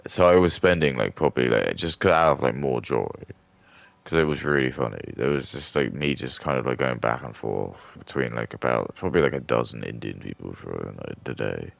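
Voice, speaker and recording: Very deep, gravelly man rambling. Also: lively intonation, fairly quick, no echo. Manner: rambling, heavy use of filler words, trailing restarts. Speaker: streamer. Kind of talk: casual ranting commentary.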